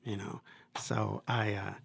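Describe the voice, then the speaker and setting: A man's voice: fairly low pitch, level tone, takes it slowly, vocal fry, husky, dry recording. A man in his fifties, a football coach hosting a podcast, telling long stories in a rambling way, with many fillers and restarts. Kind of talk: casual storytelling interview.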